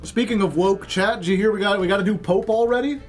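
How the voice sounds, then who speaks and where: Male streamer from Chicago, slightly high voice, loose rambling delivery with joking asides, faint background music. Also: quick pace. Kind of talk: casual chat with stream viewers.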